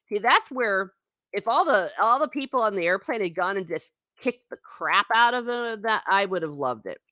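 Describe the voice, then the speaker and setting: A woman's voice: on the high side, expressive, normal speed, pushed and bright, no echo. A woman hosting a casual live stream, chatting irreverently with her viewers, laughing often and swearing mildly. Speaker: vlogger reading live chat.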